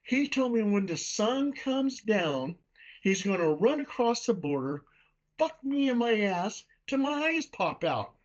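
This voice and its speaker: A man's voice: high-pitched, very animated, unhurried, dull audio, voice pushed up, heavily acted. A man putting on a fed-up, cursing soldier. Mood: indignant. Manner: profane, indignant outbursts. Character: exasperated male Russian soldier, crude and fed up.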